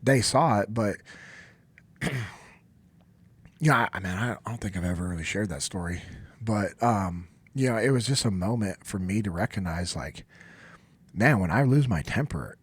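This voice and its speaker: A man's voice: lowish voice, animated, normal speed, long pauses, husky. An American man hosting a podcast, telling an emotional story in a casual, earnest way. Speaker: podcast host.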